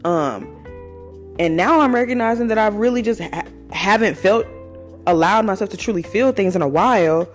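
A woman's voice: medium pitch, moderate pace, soft background music. A woman in her twenties talking candidly in a casual personal monologue, swearing freely and using slang. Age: 20s. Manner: candid, profane, conversational with slang. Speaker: podcast host.

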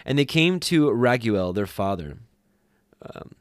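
A man reading scripture aloud at a steady pace, sometimes correcting himself. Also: medium pitch, measured pace, no room sound, clean studio sound. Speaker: scripture reader.

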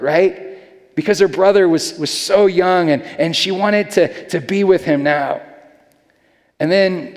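A man preaching a sermon as a pastor, talking in a casual, earnest way and often repeating words as he goes. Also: sits high. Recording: long hall reverb.

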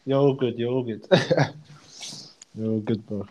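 A man's voice: mid-range voice, fairly even intonation, takes it slowly, a little mellow, slight background noise. A young man with a South London accent chatting as a guest, laughing often and teasing, repeating his phrases. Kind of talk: casual chat.

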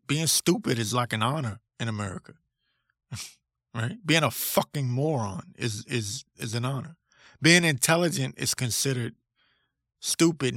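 A man's voice: mid-range voice, fairly bright tone, no room sound, studio quality. Blunt, profane man ranting. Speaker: podcast host. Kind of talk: solo podcast rant.

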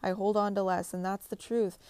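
A woman's voice: mid-range voice, flat delivery, brisk, a little mellow, clear, resonant tone, no echo. A woman in her twenties talking bluntly and passionately in a confessional vlog, swearing heavily and speaking with emphasis. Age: 20s. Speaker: vlogger.

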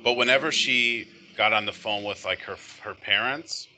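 A man's voice: fairly low pitch, normal speed, bright, forceful tone, a little hiss or hum. A man hosting a casual interview, asking friendly, curious questions. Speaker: podcast host.

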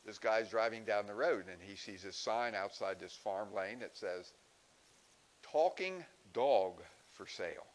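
A man making church announcements and telling a joke, folksy and halting. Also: fairly low pitch, steady tone, fairly bright tone, poor audio. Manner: folksy, halting with many fillers. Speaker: church leader giving announcements.

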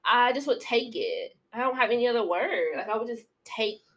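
A woman's voice: on the high side, sing-song, moderate pace, fairly bright tone. A woman co-hosting a podcast in candid casual chat, often laughing and acting out quoted lines. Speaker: podcast co-host.

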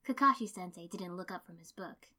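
A woman reading a first-person story aloud in an even, steady narration. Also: on the low side, a little fast. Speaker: reader.

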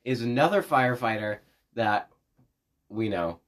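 A young man co-hosting a casual podcast chat, animated and laughing often, breaking off and restarting as he talks. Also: mid-range voice, a little slow. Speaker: podcast co-host.

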